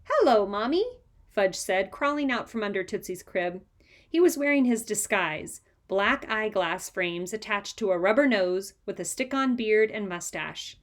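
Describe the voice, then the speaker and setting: A woman reading a children's chapter book aloud with lively, expressive narration. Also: medium pitch, unhurried. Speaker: reader. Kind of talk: storybook read-aloud.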